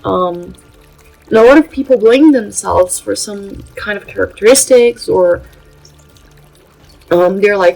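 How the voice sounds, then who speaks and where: A woman's voice: mid-range voice, creaky, a little mellow, faint music behind, rough recording. Earnest woman. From Brazil. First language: Portuguese. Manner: earnest, halting, many filler pauses. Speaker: spiritual channel host. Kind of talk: casual spiritual vlog talk.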